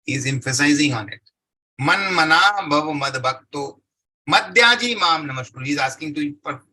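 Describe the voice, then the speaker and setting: A man's voice: a little high, pushed and bright, husky, rough recording. A man giving a devotional scripture lecture. He recites Sanskrit verses, then explains them, and keeps asking his listeners questions that he answers himself. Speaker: scripture class speaker.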